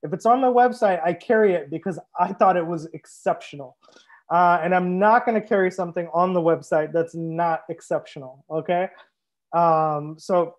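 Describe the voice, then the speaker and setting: A young man hosting a live wine tasting as a sommelier, chatting casually and joking as he reads out viewer comments. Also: a little high. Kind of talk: casual livestream chat.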